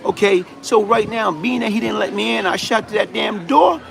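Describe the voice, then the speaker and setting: Speaking in a high, creaky voice at a normal pace, the middle-aged New Yorker tells his livestream audience a personal story, leaning hard on street slang and saying "you know what I'm saying" again and again. Faint music plays in the background.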